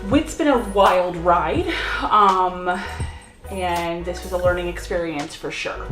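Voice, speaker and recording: A woman's voice: fairly low pitch, takes it slowly. A woman vlogging at home in a casual, rambling way, with many fillers and restarts. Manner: sings out baby talk to her pets. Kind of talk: casual chatty vlog. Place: at home indoors. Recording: echoey room with music behind.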